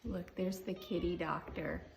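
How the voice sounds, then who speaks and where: A woman's voice: on the low side, steady tone, unhurried, vocal fry, darkish tone, a little hiss or hum. A woman teacher reading a storybook to her class, with cheerful, chatty asides to the viewers. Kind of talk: storybook read-aloud.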